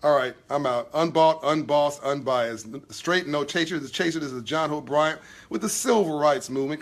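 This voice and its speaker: A man hosting a spontaneous live video talk from his new office. He preaches about money and acts out voices as he tells a story. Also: medium pitch. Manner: animated storytelling with acted-out voices, emphatic and preachy. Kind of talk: spontaneous motivational talk to viewers.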